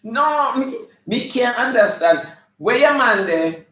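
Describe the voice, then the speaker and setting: Sassy high-voiced Jamaican man, echoey room. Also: animated, takes it slowly, bright, forceful tone. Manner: sassy, scolding, flamboyant, with bursts of song. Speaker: comedian. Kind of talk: live comedy banter. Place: live show venue.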